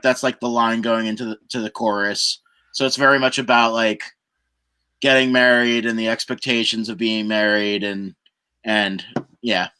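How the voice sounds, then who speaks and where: Casting note: male podcast guest, brisk and bright, who acts out the voices of the people in his stories. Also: mid-range voice, clear, resonant tone. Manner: animated storyteller who acts out other people's lines. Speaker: guest musician. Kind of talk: casual podcast storytelling.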